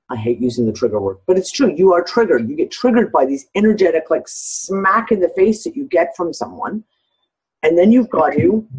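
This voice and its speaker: A woman speaking openly in a relaxed group discussion, heard over a video call. Her voice is a little husky. She swears freely and lifts into the voices of the people she quotes. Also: on the low side, low-quality recording. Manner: candid and expressive, swears freely, acts out others' lines. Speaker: discussion participant.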